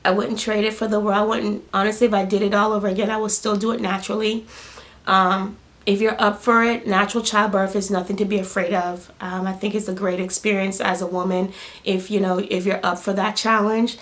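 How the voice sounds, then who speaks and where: With a medium-pitched, fairly bright voice, she speaks a little fast and with flat delivery. The young new mother tells a personal story to camera in a casual, emotional way, nearly crying, with frequent repetition and many fillers.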